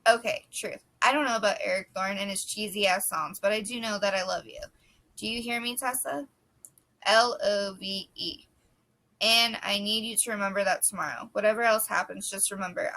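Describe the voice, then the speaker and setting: A woman reads a young man's lines in a spoken audiobook, earnest and pleading. The voice stays close to the reader's own, at a middling pitch and with steady delivery. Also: moderate pace. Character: young man, a pop singer texting in secret, tender and earnest.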